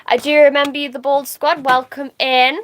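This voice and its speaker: High-voiced chatty woman streamer. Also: little pitch movement, moderate pace, fairly bright tone, a little hiss or hum. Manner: chatty, laughs easily, swears casually. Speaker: livestreamer. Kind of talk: casual live-stream chat reading comments.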